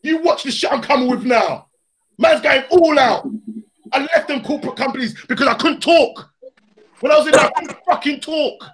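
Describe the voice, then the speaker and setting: An angry man vents on a live stream, his voice climbing very high as he shouts. He swears freely and fires rhetorical questions at his critics. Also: moderate pace, slight background noise. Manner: furious, profane, shouting rant.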